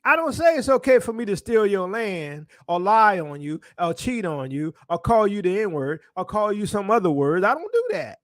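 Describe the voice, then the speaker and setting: A male preacher delivers a fervent sermon in a high voice that leaps and swoops across a very wide range. He calls out to his listeners and climbs to ringing exclamations. The sound is dry and close, with no echo. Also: big pitch swings, normal speed, few pauses. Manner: fervent, rising to shouted exclamations; calls out to the congregation.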